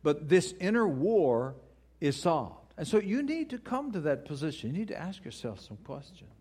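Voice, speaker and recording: A middle-aged man preaching a sermon as a pastor, earnest, moving between loud pleading questions and quiet, hushed prayer. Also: fairly high pitch, sing-song, normal speed, breathy edge. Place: church.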